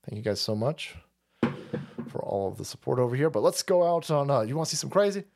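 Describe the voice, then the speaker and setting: A man's voice: medium pitch, very animated, fast, gravelly, darkish tone. A man hosting a livestream, giving crude, mocking commentary on a video and laughing often. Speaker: livestream host.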